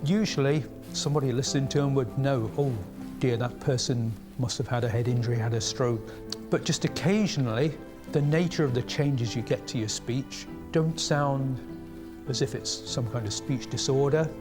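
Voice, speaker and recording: A man's voice: mid-range voice, moderate pace. A man speaking as an expert in an interview, explaining things plainly with a few small restarts. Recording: interview with background music.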